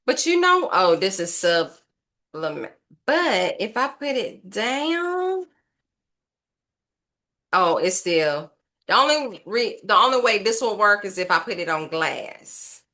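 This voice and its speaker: A woman's voice: medium pitch, big pitch swings, slow pace, pauses often, sharp tone. A woman casually narrating a craft tutorial, thinking aloud and rambling to her viewers as she works. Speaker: craft vlogger.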